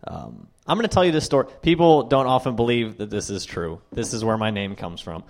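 A young man doing a stand-up set, telling wry stories and acting out other people's lines in quick asides. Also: lowish voice, big pitch swings, gravelly, a little mellow. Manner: wry storytelling with voiced asides. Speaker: stand-up comedian.

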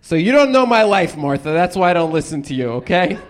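A blustery old-timer stand-up comic, played by a man, with a voice pitched on the high side. He rambles and brags about his hometown in crude, swaggering bursts. It plays as live character comedy on a stage. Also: sing-song, fairly quick. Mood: hostile. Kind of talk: improvised character comedy interview.

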